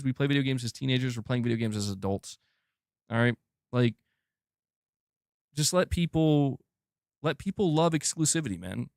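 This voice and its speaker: A man holds forth on a live gaming news stream at a mid-range pitch, his opinions tumbling out in a loose, rambling rant. He leans on "like" constantly and drops the odd casual swear word. The sound is dry and close, with no room around it. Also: animated, quick pace, no echo.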